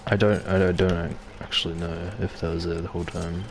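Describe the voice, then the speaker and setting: A man's voice: deep voice, little pitch movement, brisk, slight background noise. A man giving casual, rambling commentary as he plays a video game, reading on-screen text aloud. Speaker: gamer.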